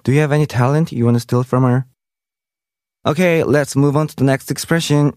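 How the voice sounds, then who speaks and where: A man's voice: mid-range voice, brisk, a little mellow. A man teaching Korean vocabulary in English. He reads example sentences aloud and translates each one. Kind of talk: explaining vocabulary.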